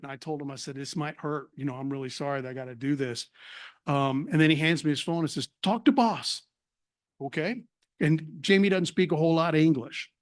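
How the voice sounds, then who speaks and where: A middle-aged man giving an earnest personal testimony at a cafe event, telling his story with many fillers and restarts. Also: a little high. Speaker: actor sharing a faith story.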